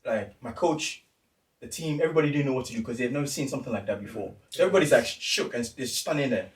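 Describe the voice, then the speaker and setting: Animated man telling a story. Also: medium pitch, fast. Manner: animated, acts out quoted voices, street slang. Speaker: podcast co-host. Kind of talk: casual chat, storytelling. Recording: echoey room, distant mic.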